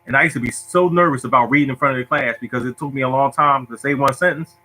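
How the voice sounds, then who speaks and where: A man hosting a lottery show, casually telling stories to viewers in an animated, joking, self-mocking way. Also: medium pitch, fast talker, rough recording.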